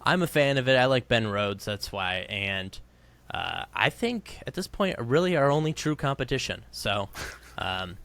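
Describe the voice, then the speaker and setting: A man's voice: mid-range voice, a little slow, gravelly, dry recording. A young man co-hosting a podcast in casual, joking chat. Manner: chatty, joking, lively. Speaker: podcast co-host.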